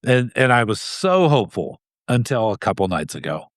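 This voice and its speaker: A man's voice: mid-range voice, sing-song, normal speed, no echo, clean studio sound. A man speaking as a guest in an interview, earnest and heated, often restarting his sentences and laughing briefly. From Idaho. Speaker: guest, gun rights group president. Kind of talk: casual interview talk.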